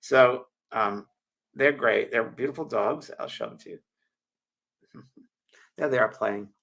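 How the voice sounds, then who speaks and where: Gravelly emotional man in his 60s. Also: medium pitch, measured pace, a bit bright. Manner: rambling, emotional, with frequent restarts and laughs. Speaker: show host. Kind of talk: heartfelt personal storytelling.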